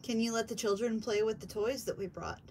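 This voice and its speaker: A woman investigating a haunted house, asking the spirits slow, patient and coaxing questions from a basement. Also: on the high side, steady tone, darkish tone, a little hiss or hum. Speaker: paranormal investigator. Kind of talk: questioning spirits in a ghost hunt.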